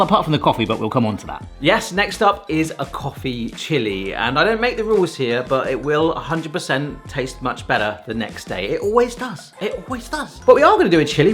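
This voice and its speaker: Chatty man cooking on camera. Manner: chatty, jokey, lively pitch. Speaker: cooking vlogger. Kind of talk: casual cooking narration.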